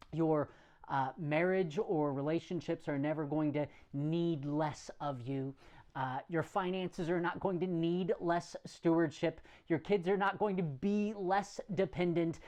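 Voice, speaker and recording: A man preaching a conversational sermon in a relaxed, plain-spoken way, with some self-deprecating humor. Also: on the high side.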